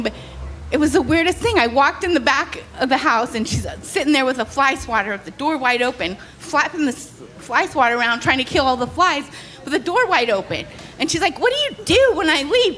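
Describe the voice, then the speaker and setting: A woman doing a stand-up comedy routine who acts out the people in her stories with livelier voices. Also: slight background noise. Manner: animated, acts out quoted voices at a higher pitch. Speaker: stand-up comic.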